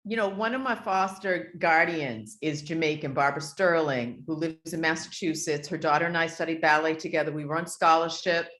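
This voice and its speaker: A woman's voice: low-pitched, brisk, hardly any pauses, fairly bright tone. A woman from Portland, Maine, a producer guest, speaking earnestly and reflectively in an interview. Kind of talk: casual interview chat.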